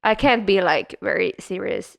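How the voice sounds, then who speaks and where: Giggly woman with a creaky voice. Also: medium pitch, animated, normal speed, a bit bright. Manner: giggly, self-deprecating, lots of laughter. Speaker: podcast co-host, front desk worker. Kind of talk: casual podcast chat. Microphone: podcast microphone.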